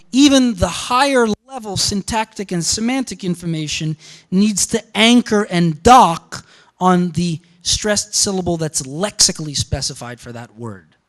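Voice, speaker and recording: Male linguistics lecturer, higher-pitched voice, energetic, emphatic classroom delivery. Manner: animated, repeats words for emphasis, asks "okay?" and "yeah?" to the room. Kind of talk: university lecture.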